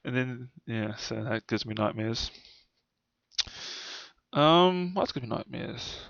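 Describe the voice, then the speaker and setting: Young kiwi guy rambling and swearing about his childhood, gravelly voice, dull dry recording. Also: medium pitch, lively intonation, slow, a bit bright, no room sound. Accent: New Zealand. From New Zealand. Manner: rambling, swears often, trails off. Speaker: vlogger. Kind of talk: casual storytelling to camera.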